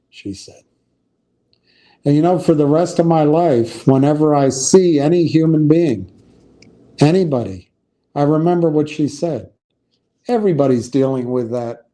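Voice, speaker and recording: Male streamer, unhurried and meandering, warm low-key tone, stops and restarts a lot. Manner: halting, meandering, frequent restarts. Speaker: livestream host. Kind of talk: rambling casual livestream talk.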